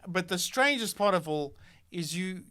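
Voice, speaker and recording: A man's voice: high-pitched, lively intonation, normal speed, bright, forceful tone. A man hosting a casual podcast chat, rambling and teasing with many restarts. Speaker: podcast host.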